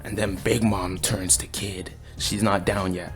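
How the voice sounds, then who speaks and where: A man giving a casual, excited chapter review, talking in slang and acting out the characters' lines. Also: low-pitched, a little slow, over music. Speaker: anime and manga reviewer.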